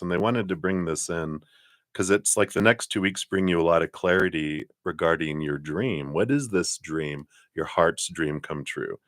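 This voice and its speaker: Here the live-stream tarot reader has a deep voice, captured in clean studio sound without echo. He rambles warmly about spiritual matters, leaning on fillers and laughing as he goes.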